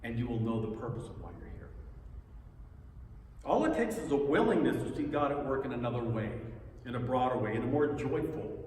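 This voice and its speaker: Guy giving a testimony talk, mid pitch, stops and repeats himself, sounds far off in a super echoey room. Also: lively intonation, a little mellow, a little hiss or hum. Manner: storytelling with pauses and repeated words. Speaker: speaker at a spiritual center. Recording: echoey hall, distant mic.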